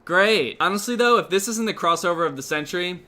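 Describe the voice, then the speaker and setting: A man's voice: high voice, lively intonation, a little fast, sharp tone. A young man in his twenties giving sarcastic, incredulous comedic commentary on online videos. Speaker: commentary host.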